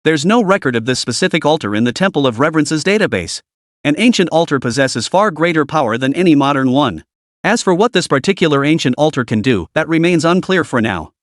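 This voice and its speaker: Calm steady investigator dude, narrator man doing it, explains things plainly, lively pitch. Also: brisk, no echo, studio quality, natural voice. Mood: explaining.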